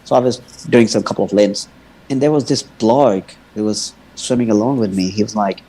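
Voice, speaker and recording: A man in his thirties from India, telling stories in a casual chat, animated, swearing freely and laughing often. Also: lowish voice, moderate pace, husky, low-quality recording. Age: 30s. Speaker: guest.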